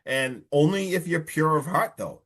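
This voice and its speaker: A man hosting a podcast, recapping a film in a casual, animated way with lots of filler words. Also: on the high side, moderate pace. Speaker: podcast host.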